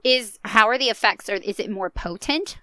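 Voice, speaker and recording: Lively, bright-voiced woman teasing her co-host. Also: mid-range voice, normal speed, no room sound. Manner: playful, teasing, asks follow-up questions. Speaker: podcast co-host. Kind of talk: casual chat.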